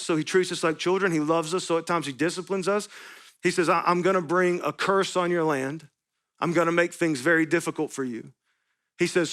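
A man's voice: fairly high pitch, a bit bright. A man pastor preaching a sermon in a church, earnest and repetitive, with strings of rhetorical questions. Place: church sanctuary.

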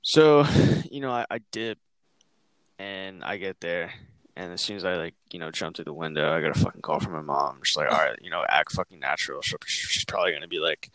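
A man's voice: low voice, fairly bright tone, no room sound. A young man hosting a casual chat, telling a rambling story full of slang and swearing. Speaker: podcast host.

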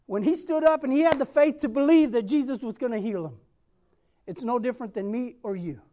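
Brief: male preacher, high voice, sermon that tells a story and presses a repeated question. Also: a little fast, mellow. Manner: repeats a rhetorical refrain and calls for amens; tells a Bible story with acted-out quotes.

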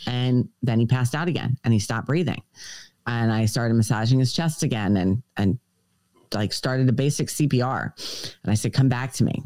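A woman's voice: very deep voice, normal speed, warm tone, no room sound. A woman guest on a podcast, earnestly recounting a personal story and quoting dialogue in shifting voices. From United States.

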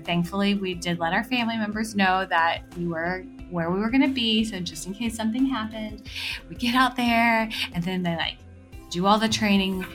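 A woman hosting a podcast, telling a story in a casual, animated way and acting out the voices she quotes. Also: medium pitch, normal speed, faint music behind. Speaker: podcast host.

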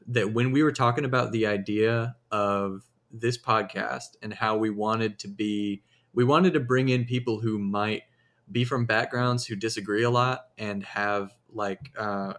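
A man's voice: fairly low pitch, unhurried, a bit bright. Young Southern man, podcast host, casual and rambling. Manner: rambling, jokey, restarts sentences.

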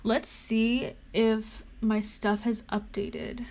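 A woman's voice: a little high, little pitch movement, drawn-out words, darkish tone. A young woman vlogging casually as she clicks through her computer, anxious and swearing often, with nervous laughs. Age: young adult. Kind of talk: casual chat while browsing a computer.

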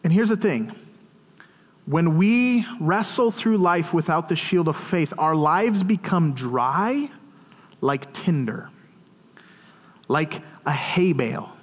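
Middle-aged man, pastor, sermon, high lively voice, long hall reverb. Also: takes it slowly, pauses often. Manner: animated storytelling with acted-out quotes. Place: church.

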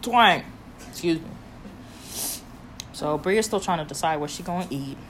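A young adult woman co-hosting a casual chat, excitable with loud bursts and quick laughs. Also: low voice, noisy background. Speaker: podcast co-host.

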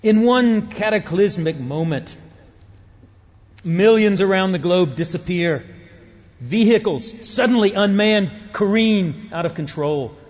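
Epic trailer narrator, a man voicing it: booming, slow and high-strung, muffled recording. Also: animated, a little mellow, big-room sound, exaggerated voice. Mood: dramatic. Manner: booming, drawn-out dramatic delivery. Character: dramatic male action movie trailer narrator.

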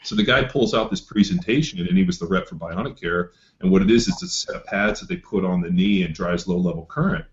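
Middle-aged man, lower voice, profane and animated raconteur; slightly muffled recording. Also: a little fast, hardly any pauses. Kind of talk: casual storytelling chat. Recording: slightly dull lo-fi audio.

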